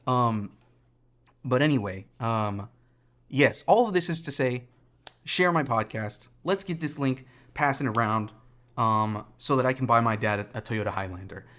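A man's voice: medium pitch, expressive, measured pace, fairly bright tone. A young adult man hosting a casual solo podcast, rambling through tangents in a joking, self-deprecating way. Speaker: podcast host.

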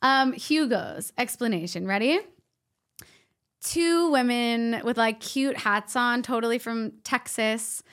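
A woman guest on a podcast, chatting in a bubbly, playful way and telling lively stories. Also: fairly high pitch, slow pace. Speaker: podcast guest, health coach. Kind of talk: casual chat.

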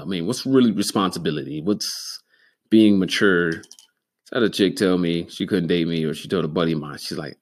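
A man hosting a solo podcast, rambling and cursing freely, sometimes getting excitable. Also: sits low, fairly quick. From Denver, Colorado. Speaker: podcast host. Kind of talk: solo casual podcast monologue.

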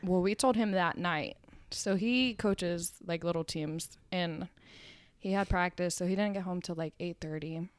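A young woman chatting casually as a podcast guest, telling a family story with animated acted-out quotes. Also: fairly low pitch, measured pace, no echo. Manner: animated storyteller who acts out family members' lines. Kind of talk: casual chat.

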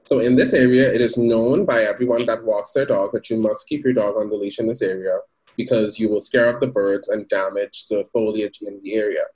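A podcast co-host tells a news story in a casual, lively way. The voice sits in a middle pitch. The delivery is conversational, a friend walking others through what happened. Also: fairly quick, rough recording. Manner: lively retelling with acted quotes.

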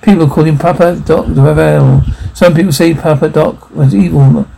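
A man's voice: a little high, fairly even intonation, moderate pace, vocal fry, dark tone, slight background noise, poor audio. A man reading a film's dialogue and sound captions aloud, doing every part and cue in one voice.

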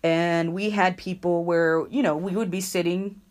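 A woman co-hosting a casual chat show, animated and quick to laugh. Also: on the low side. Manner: animated, laughs often, acts out voices in quotes. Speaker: podcast co-host.

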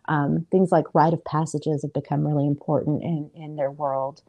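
A woman's voice: low-pitched, flat delivery, normal speed, dull audio. A middle-aged woman, a podcast guest, telling a family story in a casual, earnest way, full of fillers.

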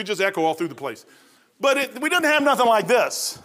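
A man's voice: high-pitched, sing-song, a little fast, sharp tone. A man preaching a folksy sermon, rambling through stories and laughing at his own jokes.

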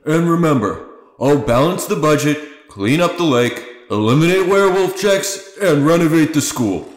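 A man's voice: fairly high pitch, lively intonation, normal speed, roomy sound, close to an everyday voice, rough recording. A man playing an earnest, awkward werewolf running for mayor, speechifying in a comedic table read. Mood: rousing.

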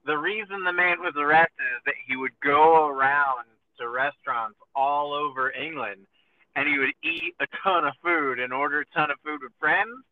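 A man's voice: a little high, moderate pace. A man hosting a casual podcast chat, rambling through stories and swearing freely. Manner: rambling storyteller, swears freely, acts out quoted voices. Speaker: podcast host. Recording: tinny lo-fi phone-like sound with faint noise.

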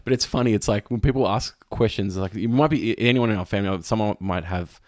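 A man co-hosting a podcast in casual chat, animated and laughing often, with many fillers. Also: on the low side, quick pace, dry recording, clean studio sound. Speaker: podcast co-host.

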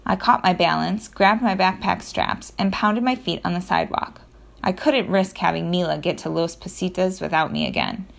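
A woman narrating a children's audiobook in the first person, in a lively storytelling manner with occasional self-corrections. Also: on the low side, vocal fry.

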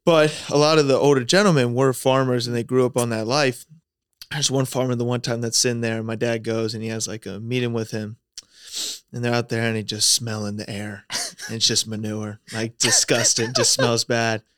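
A man's voice: medium pitch, level tone, moderate pace, a bit bright, clear, resonant tone, dry recording, studio quality. A man from rural Maryland chatting casually, drawling and full of "like" fillers. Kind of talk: casual chat.

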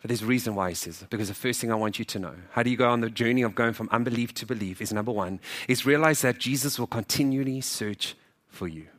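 Animated male pastor preaching. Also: medium pitch, fast talker. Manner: animated, acts out quoted dialogue; conversational, jokes with congregation. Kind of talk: sermon.

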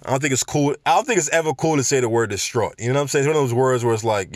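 A man's voice: mid-range voice, quick pace, no echo. Man ranting through casual news commentary. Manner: animated, slangy, rambling asides. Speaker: podcast host.

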